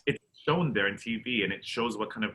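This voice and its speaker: Lively, bright-voiced man telling stories. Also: fairly low pitch, a little fast. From Canada. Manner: animated storytelling, acts out quotes, laughs often. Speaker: eliminated contestant, drag performer. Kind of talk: casual interview chat.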